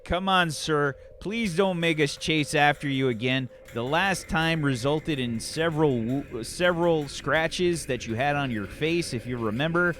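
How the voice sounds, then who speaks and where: A man voicing a patient police officer who calmly pleads with a troublemaker to get in the car. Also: a little high, a little slow, few pauses, slight background noise. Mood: weary. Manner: calm, pleading, tired.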